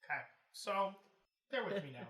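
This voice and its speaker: A podcast guest with a high voice chats animatedly about films at a moderate pace, nitpicking plot holes and swearing casually. He's recorded in an echoey room with the mic at a distance.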